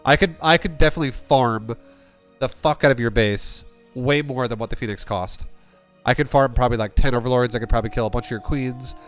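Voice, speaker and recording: Brisk and mid-range, this man's voice comes with faint background music. He coaches a player through a replay as a StarCraft coach, rambling bluntly, swearing a lot, and restarting sentences in a casual, profane style.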